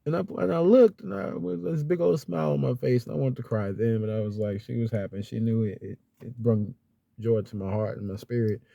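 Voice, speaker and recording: A man's voice: medium pitch, steady tone, brisk, vocal fry, dark tone, no room sound, lo-fi sound. A young man telling a personal story in a vlog. He is sincere and rambling, with lots of fillers, and close to tears at times. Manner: rambling and heartfelt, with many fillers and restarts. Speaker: vlogger.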